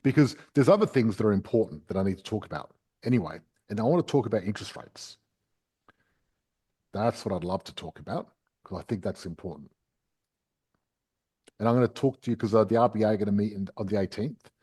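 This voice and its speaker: A man's voice: fairly low pitch, lively intonation, brisk, pauses often, mellow, slightly rough. A man hosting a property podcast, explaining investing step by step in a chatty, casual way. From Australia.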